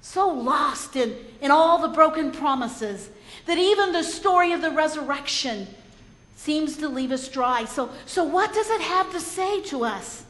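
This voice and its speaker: A woman's voice: high voice, lively intonation, measured pace, fairly bright tone. A woman preacher retelling a story in a sermon, earnest and reflective, often repeating words as she goes. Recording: echoey hall.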